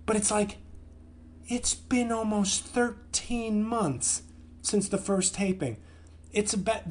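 A man's voice: high voice, unhurried. Furious profane man ranting. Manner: angry, profane ranting with stumbles. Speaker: podcast host, comedian. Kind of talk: solo podcast rant.

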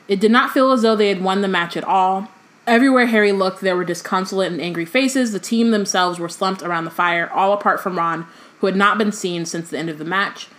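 A woman's voice: medium pitch, brisk, fairly bright tone. A woman co-hosting a podcast, reading a book aloud in an easygoing way with the odd filler between sentences. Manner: reads aloud with filler ums, chatty and exasperated between passages.

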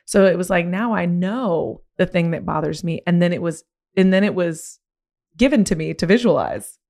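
A young woman with a slightly low voice hosts a podcast and tells a personal story in open, candid conversation. She talks expressively and becomes animated as she relives the moment, leaning on "like" as she goes. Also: moderate pace. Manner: animated, expressive retelling with frequent "like". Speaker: podcast host.

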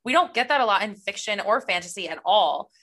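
A woman's voice: medium pitch, animated, a little fast, fairly bright tone. A young woman co-hosting a book podcast, chatting casually and gushing enthusiastically with lots of "like". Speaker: podcast co-host. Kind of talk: casual chat.

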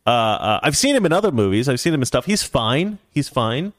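A man's voice: mid-range voice, very animated, a little fast, dry recording, clean studio sound. A man hosting a casual livestream from home, rambling and repeating himself as he reads out viewer comments. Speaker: livestream host.

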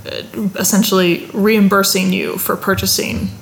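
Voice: mid-range voice, little pitch movement, unhurried, gravelly, slight background noise, low-quality recording. Intervieweur qui pose de courtes questions pour clarifier, léger bruit de fond. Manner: asks short clarifying questions. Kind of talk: casual conversation.

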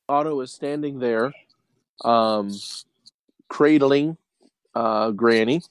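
A man's voice: mid-range voice, very slow, pauses often, clear, resonant tone, no echo. Joking game master, a man. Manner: joking, laughs often. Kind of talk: narrating a tabletop game.

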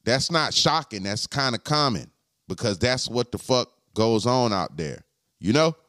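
A man hosting a podcast, talking to his live chat in a slangy, profane way and repeating his points slowly. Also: medium pitch, expressive, a bit bright, no echo, clean studio sound. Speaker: podcast host. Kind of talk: casual live-stream chat.

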